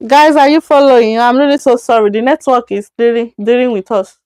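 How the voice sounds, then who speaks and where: A woman with a Nigerian accent teaches a beginner Chinese lesson on a live stream, her voice sitting a little high. She explains patiently, slows down to repeat each example sentence, and now and then acts out both sides of a short exchange. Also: steady tone, a little mellow, clean tone.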